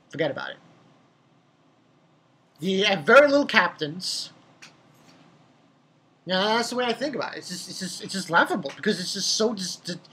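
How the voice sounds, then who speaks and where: A young man casually reviewing a comic chapter, rambling and excitable, swearing freely and laughing at his own jokes. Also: sits high, breathy edge. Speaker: manga reviewer.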